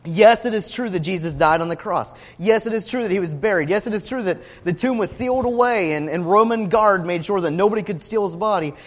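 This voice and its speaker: A man preaching a sermon, expressive, rising to emphatic cries when he quotes scripture. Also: high-pitched, fairly quick, hardly any pauses, in a large hall. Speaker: pastor.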